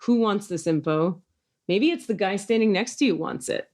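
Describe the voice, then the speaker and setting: A woman's voice: mid-range voice, normal speed, darkish tone. A woman hosting a podcast in casual chat, talking intensely and emphatically and acting out quoted voices as she tells stories. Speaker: podcast host.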